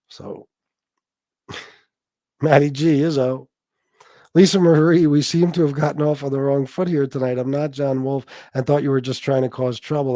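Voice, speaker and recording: A man's voice: medium pitch, no echo, clean studio sound. A man hosting a casual livestream, reading viewer comments aloud and ranting bluntly with plenty of swearing. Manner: blunt, profane, animated rants. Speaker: livestream host.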